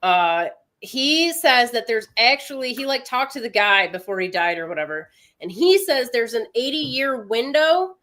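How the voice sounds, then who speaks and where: A woman's voice: fairly high pitch, animated, measured pace, a bit bright. A woman co-hosting an astrology livestream in casual, chatty talk, explaining things plainly and greeting viewers.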